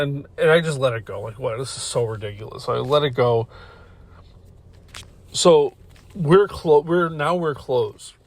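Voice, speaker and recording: A podcast host with a mid-range voice tells a long personal story, rambling, swearing, restarting sentences, and laughing as he goes. There is no room sound in this casual storytelling.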